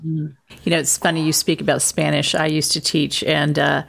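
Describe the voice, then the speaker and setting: A woman's voice: low voice, flat delivery, normal speed, gravelly, a bit bright. A woman from the United States hosting an interview, asking questions and laughing readily. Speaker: interview host. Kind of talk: conversational interview.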